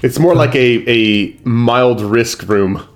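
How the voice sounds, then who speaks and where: A man's voice: mid-range voice, slow pace, soft background music. A man playing a tabletop game, chatting casually and making playful quips. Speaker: player. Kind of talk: casual play talk.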